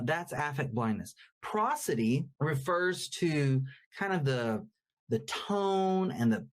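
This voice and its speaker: A man teaching as a therapist in a conversational, explanatory way, acting out quoted examples now and then. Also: high-pitched. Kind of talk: educational talk.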